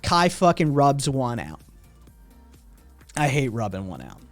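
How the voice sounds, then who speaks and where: A man's voice: mid-range voice, very animated, measured pace, faint music behind. A man hosting a livestream, telling a rambling, profane story to his chat with lots of "right?" asides. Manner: rambling, heavy swearing, frequent "right?" asides. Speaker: livestream host.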